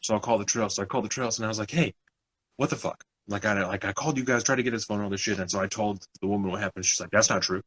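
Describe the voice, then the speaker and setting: A young man tells a story on his podcast in a quick, husky voice that sits a little low. He acts out each person's lines as he goes and swears freely. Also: low-quality recording. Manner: animated retelling, acting out other people's lines, swears often. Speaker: podcast co-host. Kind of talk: casual storytelling chat.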